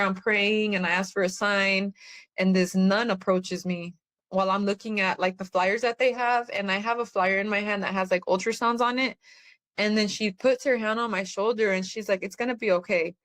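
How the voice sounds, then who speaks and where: Woman, podcast guest, candid testimony, plainspoken, mid pitch. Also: fairly bright tone. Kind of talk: personal testimony.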